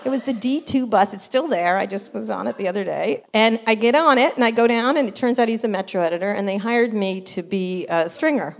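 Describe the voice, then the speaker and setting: Guest spot: middle-aged woman reporter, animated raconteur, breaks into laughs mid-story. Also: medium pitch, brisk, vocal fry, few pauses. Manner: animated, laughing asides, acts out quotes. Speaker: interview guest, journalist. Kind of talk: casual storytelling interview.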